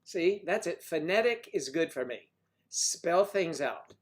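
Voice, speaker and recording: A man hosting a livestream, chatting casually with viewers and joking about their names and hometowns, switching between loud bursts and quiet asides. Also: on the high side, animated, measured pace. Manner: playful, jokey, riffing on viewers' names and places. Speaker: livestream host. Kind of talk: casual chat reading viewer comments.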